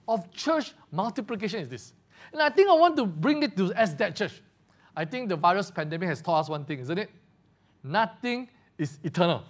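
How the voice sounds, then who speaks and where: A man preaching a sermon, often restarting words and asking rhetorical questions. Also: high voice. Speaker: pastor.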